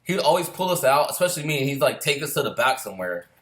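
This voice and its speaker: A man rattles off a story at a quick clip, rambling from one point to the next. He swears freely and laughs along as he talks. His pitch sits in an ordinary middle range. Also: very animated, a bit bright. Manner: rambling, laughs between lines, swears a lot. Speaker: storyteller recalling boot camp. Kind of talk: casual profane storytelling.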